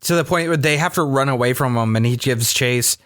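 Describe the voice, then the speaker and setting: Relaxed man on a dry mic. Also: mid-range voice, fairly quick, no echo. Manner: relaxed, thoughtful, repeats words when starting. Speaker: podcast co-host. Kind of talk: casual chat.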